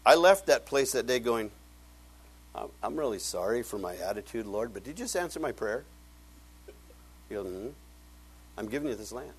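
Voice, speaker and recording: A middle-aged male pastor telling a story in a sermon, animated, acting out conversations and laughing often. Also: medium pitch, moderate pace, long pauses, husky, poor audio.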